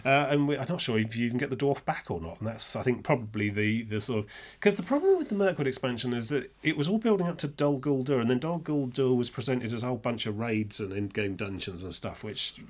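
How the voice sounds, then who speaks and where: A man's voice: mid-range voice, expressive, quick pace. Rambling man in casual game chat. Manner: rambling, many restarts, dry sarcastic asides.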